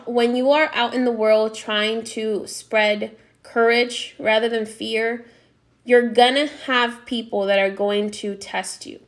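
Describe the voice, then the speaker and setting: Chatty spiritual lady telling a story, kinda high voice, keeps saying okay?. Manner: chatty, frequent "okay?" check-ins. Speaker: spiritual teacher. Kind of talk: casual storytelling monologue.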